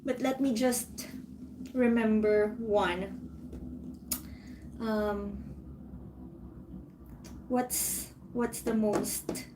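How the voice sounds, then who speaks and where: A woman co-hosting a casual chat, unhurried and quick to laugh. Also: mid-range voice, steady tone, noisy background. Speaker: podcast co-host.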